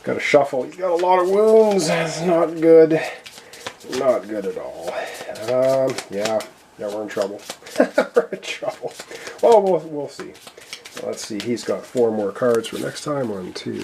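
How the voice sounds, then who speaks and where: A man with a voice he says he is losing, commenting excitedly on his own solo board game play and counting cards aloud. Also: mid-range voice, takes it slowly, creaky, a little hiss or hum. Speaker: board game player and channel host.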